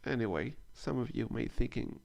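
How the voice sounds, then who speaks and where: Male stand-up comic, gravelly deadpan, steady mid-range pun delivery. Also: mid-range voice, moderate pace. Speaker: stand-up comedian. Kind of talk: stand-up one-liners and anecdote.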